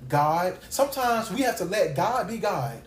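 A woman's voice: on the low side, very animated, moderate pace. A woman hosting a podcast Bible study, teaching in an informal devotional style with an emphatic, repetitive preaching cadence. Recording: echoey room.

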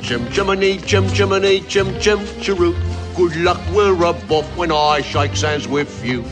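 Chipper chimney sweep singing over music, highish voice. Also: male voice, measured pace. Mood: jaunty. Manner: sing-song, jaunty.

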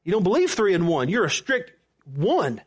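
A man's voice: high-pitched, wildly swooping pitch, normal speed. A man preaching a sermon, telling a personal story with quoted back-and-forth dialogue. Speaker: pastor.

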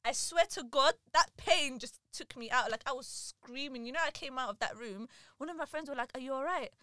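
A young woman tells a story to her friends in an animated way, full of slang. Her voice is high, and the sound is dry and close. It feels like a casual chat. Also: a little fast, no echo.

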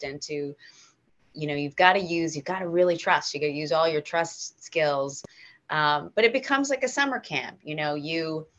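An American woman with a low, bright, forceful voice tells stories as a guest in a casual interview. She talks in an animated, emotional way, often restarting her sentences. The recording is a bit dull and lo-fi. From United States. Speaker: guest actor.

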